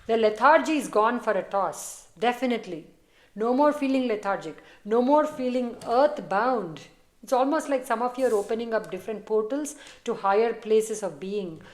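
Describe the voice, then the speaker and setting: A woman giving a casual, encouraging tarot reading to camera on a phone, sometimes dropping to soft murmurs. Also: on the high side, lively intonation, normal speed, echoey room. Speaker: tarot reader.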